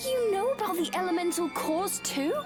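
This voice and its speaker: A woman's voice: very high voice, animated, normal speed, over loud music. An actress voicing a young girl witch in a video game cutscene, earnest and a bit timid, yet skeptical. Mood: wary.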